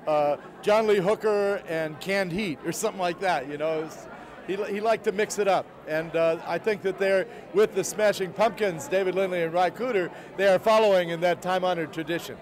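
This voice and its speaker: A man being interviewed, reflecting in a halting, casual way. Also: high-pitched. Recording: crowd noise behind.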